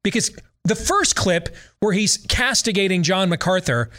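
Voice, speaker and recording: A man's voice: high voice, lively intonation, normal speed, pushed and bright. A man hosting a podcast, giving sarcastic, opinionated commentary with mocking repetition. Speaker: podcast host.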